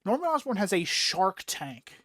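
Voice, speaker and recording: A young man with a somewhat high voice rambles through a comic-book recap, swearing freely and leaning on "like". The sound is close and dry, with no room echo. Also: sing-song, normal speed, a bit bright. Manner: rambling, profane, laughing recap with lots of "like". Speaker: podcast host recapping a comic. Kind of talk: casual chat.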